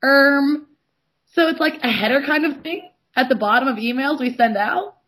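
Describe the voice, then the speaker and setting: A woman's voice: high-pitched, normal speed, a bit bright, slight background noise. A woman co-hosting a podcast, telling an exasperated, sweary story in casual chat and mimicking the other person's replies. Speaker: podcast co-host.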